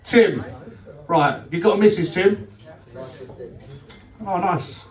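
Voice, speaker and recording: Cheeky comedian in a roomy club. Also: male voice, high-pitched, slow pace. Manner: cheeky, swearing, acts out quarrels. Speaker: stand-up comedian. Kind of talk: live stand-up set with crowd work. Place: club function room on stage. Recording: roomy live sound from far off.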